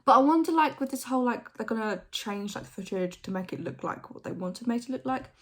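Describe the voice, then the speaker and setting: A young woman hosts a reaction video in a slightly high, animated, somewhat bright voice, talking fast. Her casual commentary is hesitant and rambling, full of fillers and restarts as she thinks aloud.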